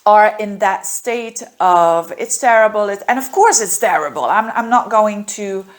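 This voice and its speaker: Woman, native Dutch speaker, astrologer, earnest, encouraging, mid pitch, halting restarts. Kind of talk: monthly horoscope reading.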